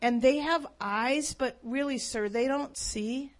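Lady preaching, tells a story, earnest and emphatic, fairly high voice. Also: slow pace. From United States. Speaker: speaker. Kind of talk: storytelling sermon.

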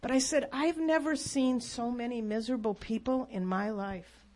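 A woman's voice: a little high, moderate pace, darkish tone. A woman telling a faith story as a sermon, earnest and emphatic. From United States. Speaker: speaker.

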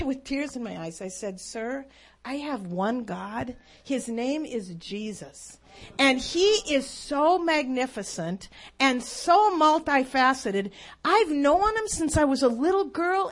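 A woman telling a faith story as a sermon, earnest and emphatic. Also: high-pitched. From United States. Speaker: speaker.

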